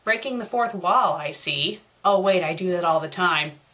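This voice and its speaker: A woman's voice: lowish voice, normal speed, pushed and bright. A woman critiquing fan fiction, reading the story aloud and dropping in sarcastic asides. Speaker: fanfiction critic. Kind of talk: comedic reading with commentary.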